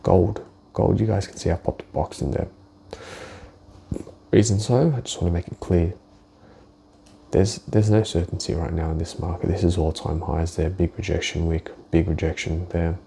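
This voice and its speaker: A man's voice: low voice, steady tone, normal speed, creaky, dark tone, a little hiss or hum. A man giving a casual walkthrough of his forex trades, thinking aloud and swearing as he goes, with many restarted sentences. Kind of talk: casual screen-share market walkthrough.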